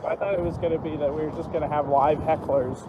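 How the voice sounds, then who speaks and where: A man's voice: on the high side, fairly even intonation, quick pace, muffled recording, crowd noise. A man as guest comedian on a walking livestream, joking loosely with lots of fillers. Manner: loose rambling jokes with fillers. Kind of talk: casual walking livestream chat. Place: outdoors on city streets. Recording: noisy outdoor street sound.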